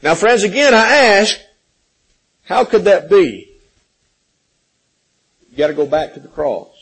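A man preaching a sermon, swinging from loud pleading questions to hushed, gentle passages, calling listeners friends and repeating words as he builds. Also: high voice, big pitch swings, measured pace, slightly rough, rough recording. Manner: impassioned, rising and falling between loud pleading and hushed softness.

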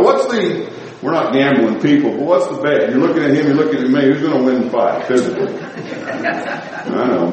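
A man preaching a sermon in a church, folksy and animated, dropping to soft low tones for emphasis. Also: a little hiss or hum.

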